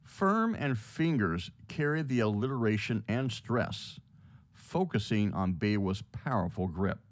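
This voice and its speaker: A man's voice: lowish voice, animated, a little slow, no echo. A man reading a scripted lesson on poetry, explaining each point.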